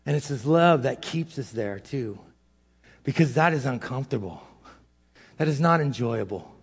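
A middle-aged male pastor giving a sermon in a casual, self-deprecating way, swinging between loud and hushed. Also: medium pitch, expressive, moderate pace, slightly rough. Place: church hall. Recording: long hall reverb.

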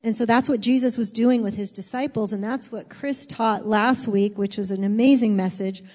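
A woman's voice: on the high side, steady tone, moderate pace, a little mellow. A woman pastor giving a sermon in a church, talking in a candid, chatty and self-deprecating way. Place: church sanctuary. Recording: long reverb of a large hall.

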